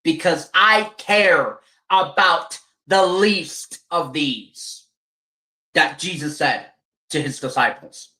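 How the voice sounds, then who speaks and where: Heated ranting streamer, bright roomy voice. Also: medium pitch, slow pace. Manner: heated, profane, repeats rhetorical questions. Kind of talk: angry political rant. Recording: roomy echo.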